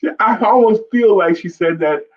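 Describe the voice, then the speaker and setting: A man co-hosting a casual faith-based talk show, expressive and affirming, laughing often. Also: high-pitched, moderate pace, recorded from a distance. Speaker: co-host. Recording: dull lo-fi audio.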